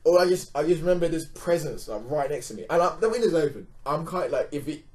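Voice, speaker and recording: A man's voice: a little high, lively intonation, quick pace, a little mellow. A man telling a long story in a casual podcast chat, laughing and restarting often. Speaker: podcast guest.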